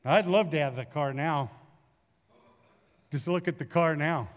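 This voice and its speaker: A man's voice: a little high, measured pace. Man preaching in a big echoing hall. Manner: folksy storytelling with lively acted asides. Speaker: pastor. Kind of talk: sermon. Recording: long hall reverb.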